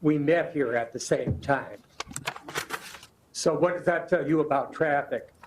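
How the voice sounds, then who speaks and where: A man's voice: a little high, measured pace, a little hiss or hum, rough recording. An older man speaking at a public meeting as a longtime resident, plain-spoken and direct, a little rambling. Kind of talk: public comment.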